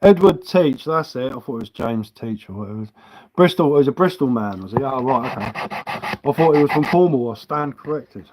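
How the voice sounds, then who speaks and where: Man, Sussex accent with a London edge, live-stream host, casual rambling chat, matey, mid-pitched voice. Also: animated, brisk, noisy background. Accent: Sussex English mixed with a London tinge. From Sussex, England. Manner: rambling, chatty, matey and loose. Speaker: livestream host.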